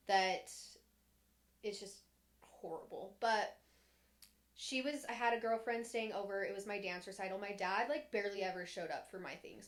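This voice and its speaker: A young woman speaks in an everyday middle-range voice, telling a personal story on a podcast. Her delivery is candid and meandering, with frequent fillers and false starts. When she quotes someone, her voice sharpens. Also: medium pitch. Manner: candid, rambling, frequent "like" and restarts. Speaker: podcast co-host.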